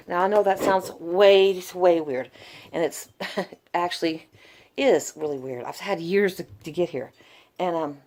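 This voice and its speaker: An earnest middle-aged woman talks straight to the camera, unscripted and heartfelt. Her voice sits a little low, and her words keep tumbling into sighs, soft laughs and restarts. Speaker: vlogger telling her story. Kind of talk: unscripted personal testimony to camera.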